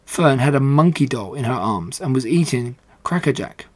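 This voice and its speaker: A man reading a children's book aloud in a steady, unhurried way. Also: mid-range voice, no room sound. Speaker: reader.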